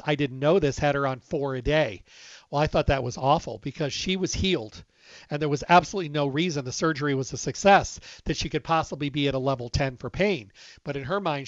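A man's voice: on the high side, dry recording. A man hosting a casual health talk, telling a personal story and acting out the dialogue in a conversational way. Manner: conversational, retells dialogue, stresses repeated words. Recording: dull dry lo-fi recording.

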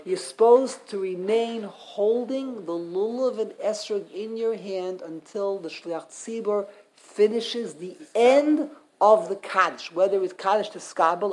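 Male teacher, informal class, repeats himself and throws questions to the room. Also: high-pitched.

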